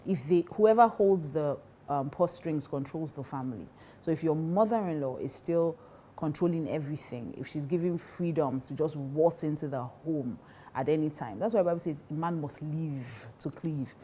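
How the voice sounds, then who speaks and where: A Nigerian woman pastor talks frankly to women, driving her points home by repeating them and often breaking into laughter. Her voice sits low and mellow, warm rather than bright. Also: moderate pace, a little hiss or hum. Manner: emphatic and animated, repeats key phrases, laughs often. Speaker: pastor and counselor. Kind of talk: advice talk to women.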